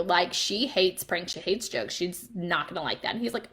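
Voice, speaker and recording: Bright, chatty mom vlogger. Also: female voice, mid-range voice, fast talker, hardly any pauses. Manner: chatty and animated, laughing as she tells stories. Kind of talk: casual chat to camera.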